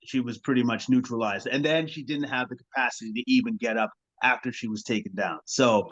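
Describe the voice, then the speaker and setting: A man co-hosting a sports podcast in casual chat, sarcastic and quick to laugh, often repeating his words. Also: medium pitch, a bit bright, muffled recording.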